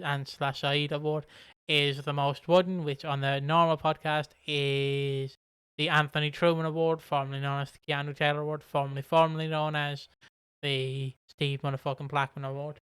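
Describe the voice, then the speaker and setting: A young British man co-hosting a casual podcast chat, excitable and rambling. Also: on the high side, normal speed, clear, resonant tone, dry recording. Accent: British English. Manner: excitable, laughing, rambling lists. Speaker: podcast co-host.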